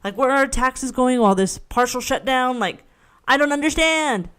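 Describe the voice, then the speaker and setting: A woman's voice: high voice, lively intonation, normal speed, fairly bright tone, smooth. A woman hosting her own podcast in a casual solo rant, rambling, frank and swearing freely, often poking fun at herself. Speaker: podcast host.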